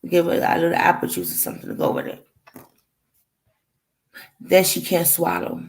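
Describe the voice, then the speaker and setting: Creaky-voiced woman telling a painful story. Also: on the low side, wildly swooping pitch, normal speed, rough recording. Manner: rambling, acts out dialogue, fighting back tears. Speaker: vlogger telling a family story. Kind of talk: emotional personal storytelling.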